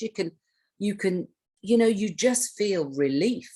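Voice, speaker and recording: A woman with a low, husky voice gives a training talk. She speaks conversationally, puts questions to her listeners and often starts a phrase over. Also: expressive, normal speed, a little mellow. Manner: conversational, asks the audience questions, restarts phrases. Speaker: trainer on hoarding and self-neglect. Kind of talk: training presentation.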